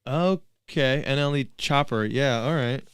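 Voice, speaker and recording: A man's voice: mid-range voice, unhurried, smooth. A man co-hosting a basketball podcast, chatting casually and joking while watching a live game. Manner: jokey, chatty, reacts to plays. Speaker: podcast co-host.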